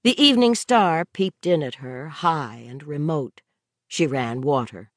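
A woman narrating a novel as an audiobook in measured, expressive storytelling. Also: low-pitched, dry recording, studio quality. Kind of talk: scripted narration.

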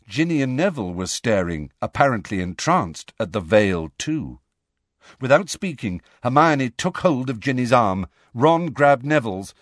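A man reading a storybook aloud as audiobook narrator, in expressive scripted narration on a close studio mic. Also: mid-range voice, no echo.

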